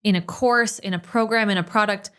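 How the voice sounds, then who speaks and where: A woman's voice: mid-range voice, a little fast, a bit bright, clear, resonant tone. Enthusiastic woman hosting a podcast. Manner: enthusiastic, emphatic, conversational. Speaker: podcast host, business owner. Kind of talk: casual podcast chat.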